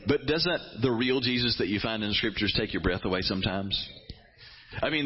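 Husky-voiced male pastor preaching. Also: mid-range voice, brisk, highs cut off. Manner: preaching with rising intensity, quoting scripture dramatically. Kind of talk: sermon.

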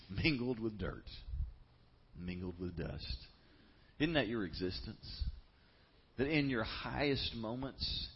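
A man preaching a sermon as a pastor, earnest and emphatic, with dramatic pauses. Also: deep voice, lo-fi sound, slight background noise.

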